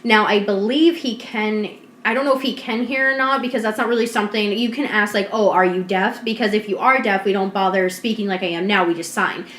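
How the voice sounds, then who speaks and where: A woman co-hosting a podcast, telling a story in casual chat, animated and swearing, acting out what people said. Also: medium pitch, brisk, slight background noise. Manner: animated, swearing, acts out quotes. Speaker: podcast co-host. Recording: roomy echo.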